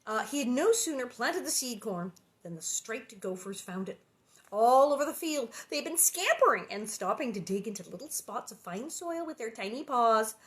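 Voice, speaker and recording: A woman's voice: on the high side, big pitch swings, normal speed. Bubbly woman reading a storybook aloud. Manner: gushing, giggly, enthusiastic. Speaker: actress reading a children's book. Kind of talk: storybook reading with chatty asides.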